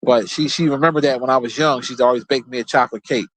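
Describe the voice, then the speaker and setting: A man's voice: mid-range voice, steady tone, fast, fairly bright tone, no room sound. A man hosting his own show, telling loose, rambling stories in a casual, profane, laid-back way. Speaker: show host. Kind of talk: casual storytelling monologue.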